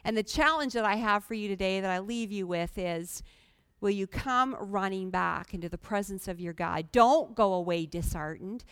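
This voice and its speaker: A woman's voice: mid-range voice, moderate pace, clean tone, no echo, clean studio sound. A woman preaching a sermon, earnest and pleading, talking plainly to the congregation with sudden emphatic rises. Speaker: guest preacher.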